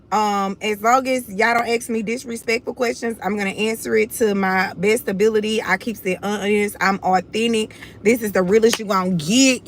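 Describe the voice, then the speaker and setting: A woman's voice: mid-range voice, a bit bright, slight background noise. Houston woman live on stream, chatty, real confident, straight talking. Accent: Southern US, Houston. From Houston, Texas. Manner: confident, blunt, addresses viewers as y'all. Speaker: livestream host. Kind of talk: casual livestream chat.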